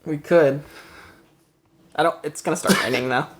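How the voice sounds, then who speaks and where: A man's voice: on the high side, normal speed. A man co-hosting a comedy improv podcast, joking around in playful, teasing banter and laughing often. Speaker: podcast co-host.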